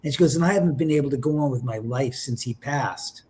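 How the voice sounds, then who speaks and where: A man telling paranormal stories in an interview, lively and acting out the voices he quotes. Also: mid-range voice, fast talker. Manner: lively, acts out quotes with whispers and exclamations. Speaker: paranormal investigator guest. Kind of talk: animated storytelling in an interview.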